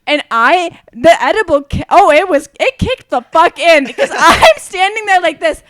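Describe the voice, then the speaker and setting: An extremely high-pitched young Canadian woman, speaking at normal speed in a dry recording, co-hosts a podcast. In casual chat she tells a wild story, animated, swearing and laughing all the way through.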